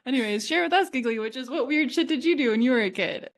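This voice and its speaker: A woman's voice: sits high, lively intonation, fast talker. A woman in her thirties co-hosting a podcast in casual chat, telling stories with lots of "like" and frequent laughs. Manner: chatty, fills speech with "like", laughs often while telling stories. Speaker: podcast co-host.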